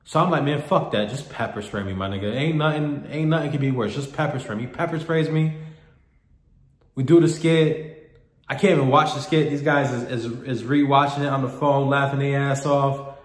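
A man tells a personal story straight to the camera in a candid, loose, profane way, circling back and repeating words as he goes. His voice sits at an ordinary mid pitch. The room around him gives a noticeable echo. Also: normal speed. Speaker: vlogger telling a personal story. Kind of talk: casual storytelling monologue.

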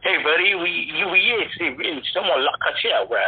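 A man working as a phone scammer, talking haltingly and pleadingly and saying "sir" again and again. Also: fairly high pitch, expressive, husky, no room sound. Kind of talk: phone argument turning into apology. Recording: tinny dry phone line.

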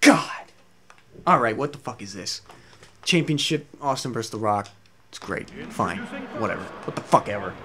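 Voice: mid-range voice, expressive, normal speed, pauses often, fairly bright tone, slight background noise. Angry, profane let's-play ranter with a swooping voice. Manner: angry, profane, exasperated ranting; rhetorical questions at the game makers. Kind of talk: gameplay commentary rant.

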